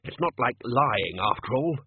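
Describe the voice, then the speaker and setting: A man with a mid-range, expressive voice lightly acts the part of a scheming restaurant manager, quickly and bossily barking commands at his kitchen staff. The audio is tinny, dry and phone-like, with slight background noise.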